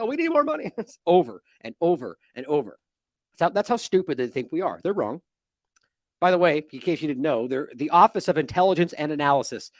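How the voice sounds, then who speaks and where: A man hosts an independent news commentary show, speaking quickly with a lively, swooping delivery. His tone is indignant and mocking. The sound is dry and close to the mic, with a slightly high voice. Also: no echo. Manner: animated, indignant, mocking with sarcastic quotes.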